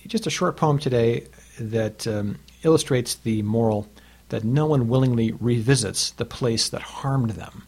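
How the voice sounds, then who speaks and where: A man in his fifties gives a recorded lesson on Latin verse, patient and explanatory. His voice is husky, sitting in an ordinary middle pitch. He counts out the rhythms aloud as he explains them. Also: measured pace, darkish tone. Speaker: Latin teacher.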